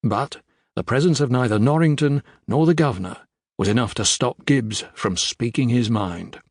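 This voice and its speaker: A man reading a children's adventure audiobook in measured, expressive narration. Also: medium pitch, no room sound, clean studio sound. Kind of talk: scripted narration.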